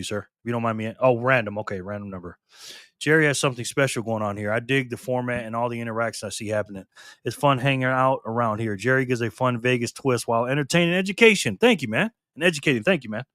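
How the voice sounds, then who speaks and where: An older man hosting a casual live stream, reading comments aloud in a chatty, excitable way. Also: medium pitch, no echo, clean studio sound. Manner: chatty, excitable, laughs often.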